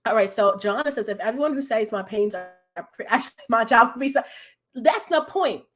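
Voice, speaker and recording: A woman's voice: fairly high pitch, animated, fairly quick, a bit bright, soft background music. A woman business coach hosting a live stream, chatting casually and animatedly with her viewers and laughing often.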